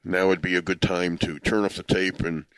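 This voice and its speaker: A man's voice: deep voice, level tone, moderate pace, a bit bright, smooth, no echo, low-quality recording. A man telling a personal story in an earnest, reflective way. He chokes up easily and drops Hebrew and Yiddish religious terms into his speech. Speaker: speaker telling a story to listeners.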